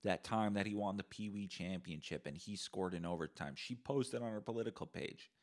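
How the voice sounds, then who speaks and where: A man's voice: lowish voice, a little fast. A man from Canada rants alone into a podcast mic, swearing freely. His talk is sarcastic and heated, and he tells a long mocking story. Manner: profane, sarcastic ranting. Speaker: podcast host. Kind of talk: solo podcast rant.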